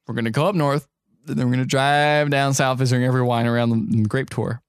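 A man co-hosting a podcast, casually recapping a movie with plenty of swearing and quick voices for the characters. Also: medium pitch, steady tone, clean tone, dry recording, clean studio sound. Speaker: podcast co-host.

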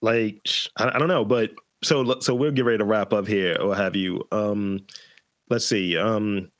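Man, podcast host, relaxed and profane, laughs a lot, dry close sound. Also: fairly low pitch, unhurried, dry recording. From Baltimore. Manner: laid-back, profane, laughs often. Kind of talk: casual podcast conversation.

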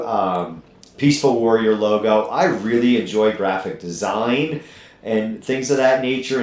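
A man's voice: fairly low pitch, a little mellow. A middle-aged man hosting a podcast as a gym owner, talking bluntly and profanely in a fired-up motivational way. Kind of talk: casual podcast chat. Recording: echoey room.

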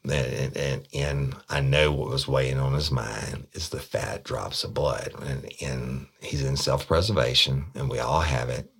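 A man's voice: a bass voice, fairly even intonation, measured pace, vocal fry, hardly any pauses, a bit bright, breathy edge. A middle-aged man, a detective bluntly recounting an interrogation. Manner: blunt, profane storytelling.

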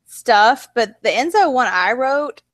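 A woman's voice: on the high side, animated, takes it slowly, a bit bright, no room sound. A woman in casual chat about writing, rambling with lots of fillers. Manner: rambling, many fillers like "like" and "you know".

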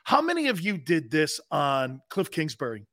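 A brash male sports radio host with a fairly high voice that rises and falls a great deal. He rambles and jokes as he talks, and he sounds close and dry. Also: huge pitch swings, moderate pace, fairly bright tone, no echo. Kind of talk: opinionated sports talk radio.

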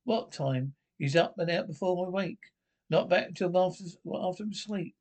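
A woman's voice: on the low side, moderate pace, a little mellow, lightly acted. An actress playing a neglected middle-aged wife who complains indignantly about her absent husband, in a 1960s British film comedy. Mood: aggrieved. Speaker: neglected wife of a taxi firm owner.

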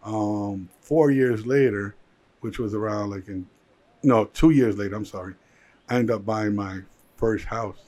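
A man with a low voice, a guest in a casual interview, recounting his rise in business. He tells it in an animated way, with lots of "like" fillers. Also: measured pace. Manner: animated storyteller with many "like" fillers. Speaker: guest, jeweler and entrepreneur.

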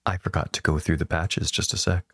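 A man co-hosts a podcast with a somewhat low voice. He rambles and jokes his way through casual chat. The recording is dry, with no room sound. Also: little pitch movement, brisk, vocal fry, fairly bright tone, husky, dry recording. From Canada. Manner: rambling, joking storyteller. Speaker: podcast co-host.

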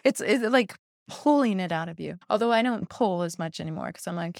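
A woman's voice: medium pitch, lively intonation, fairly quick, gravelly, a little mellow, dry recording, studio quality. A woman hosting a podcast, telling stories animatedly and acting out quoted dialogue with frequent laughs. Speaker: podcast host, therapist. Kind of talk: casual conversational podcast.

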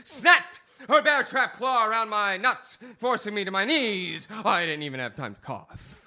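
A male slam poet with a high, sharp, very bright voice performs at a bar, animated yet keeping a measured pace. His delivery is dramatic, dropping from shouts down to almost a whisper.

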